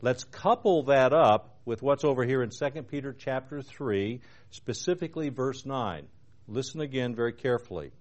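A man hosting a televised Bible program, teaching earnestly, reading scripture slowly with emphasis and asking rhetorical questions. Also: medium pitch, a little mellow. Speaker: TV program host and preacher.

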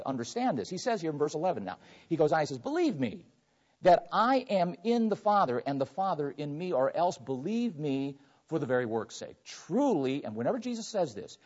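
A man's voice: a little high, sing-song, fairly quick, a little mellow. A man preaching a sermon to his congregation, reading scripture aloud and explaining it verse by verse. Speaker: pastor. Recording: dull lo-fi sermon recording.

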